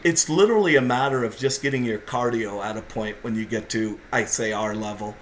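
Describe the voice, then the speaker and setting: A man's voice: lowish voice, brisk, slight background noise. A middle-aged man, a jiu-jitsu competitor and podcast guest, telling stories in a casual, intense and self-deprecating way. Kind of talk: casual storytelling.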